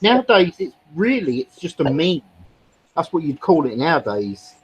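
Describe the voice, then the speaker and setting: A man in casual stream banter, blunt and ready to argue. His voice is a little husky and sits somewhat high, with a lively rise and fall. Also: moderate pace, dull audio. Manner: argumentative, blunt. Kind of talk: casual chat.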